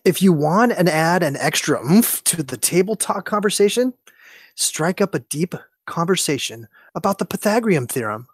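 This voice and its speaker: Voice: mid-range voice, animated, normal speed, husky, dry recording, studio quality. Jokey co-host reading quiz answers. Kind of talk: jokey banter.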